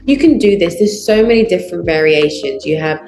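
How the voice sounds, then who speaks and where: A woman's voice: lowish voice, fairly quick, a little mellow, echoey room, soft background music. A woman voice coach leading a guided breathing lesson over a video call. She gives encouraging step-by-step instructions and counts out each breath. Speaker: voice and public speaking coach.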